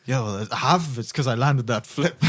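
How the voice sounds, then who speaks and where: A man playing a tabletop game who talks excitedly, laughs often and swears freely. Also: medium pitch, slightly rough. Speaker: player.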